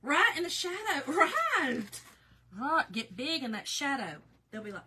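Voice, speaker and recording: A woman in her fifties, a little hoarse, chatting casually with viewers by name during a crafting live stream. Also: high voice, big pitch swings, measured pace, bright, forceful tone. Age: 50s. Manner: chatty, talks to viewers by name, laughs often. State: slightly hoarse, recovering.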